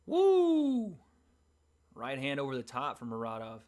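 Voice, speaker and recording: A man hosting a livestream, reacting live to a fight with casual, excited play-by-play. He calls the action in an everyday way and breaks into sudden cheers at big moments. His voice sits at a medium pitch. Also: moderate pace. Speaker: livestream host.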